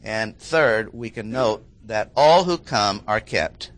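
A man preaching an expository sermon, repeating key phrases for emphasis and often clearing his throat. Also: fairly low pitch, animated, slow pace.

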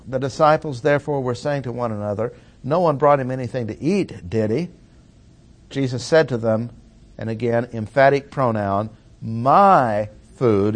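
A man teaching through a Bible passage verse by verse, stressing key words with plain-spoken asides. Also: mid-range voice. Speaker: preacher.

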